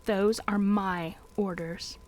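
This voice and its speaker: A woman voicing a sly, cruel male orc messenger with a soft, sneering voice. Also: medium pitch, unhurried, close to an everyday voice. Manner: sneering and menacing, sometimes whispered.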